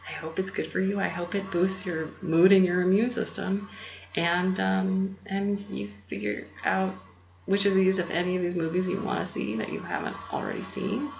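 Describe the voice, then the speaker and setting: Gravelly woman rambling softly at home. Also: medium pitch, normal speed. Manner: meandering, loses her thread, laughs often. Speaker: YouTube channel host. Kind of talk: rambling casual monologue. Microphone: laptop mic. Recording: roomy, dull lo-fi with faint hum.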